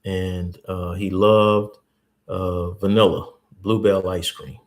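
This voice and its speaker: Man, low voice, earnest teaching talk, repeats key points. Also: fairly even intonation, slow. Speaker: host. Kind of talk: teaching talk with faith stories.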